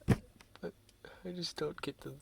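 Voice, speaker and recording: A man's voice: a little high, steady tone, takes it slowly, gravelly, heavy background noise. A young man co-hosting a podcast, chatting casually in a playful, exasperated way and restarting the intro again and again. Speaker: podcast co-host. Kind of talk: casual comedic chat.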